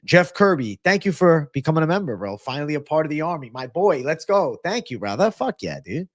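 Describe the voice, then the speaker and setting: A man's voice: fairly high pitch, sing-song, a little fast, no room sound, clean studio sound. Casual young man hosting a livestream. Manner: casual, swears, thanks viewers, calls them bro. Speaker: livestream host. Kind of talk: casual live-stream chat reading chat.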